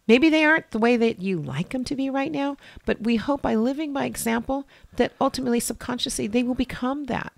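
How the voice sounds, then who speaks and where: A woman's voice: on the high side, a little fast, creaky, few pauses, dry recording. A middle-aged woman, a mother and interview guest, telling rambling personal stories and acting out what others said. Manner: rambling, acts out quoted people in changed voices. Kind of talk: candid personal storytelling.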